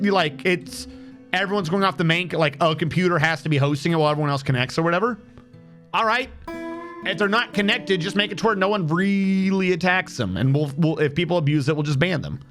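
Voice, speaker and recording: A man's voice: a little high, a bit bright. A young man from Texas with a mixed Texan and New England accent, rambling and swearing casually as he chats with his stream audience. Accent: mix of Texan and New England. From Texas, born in Massachusetts. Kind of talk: casual chat while streaming a game.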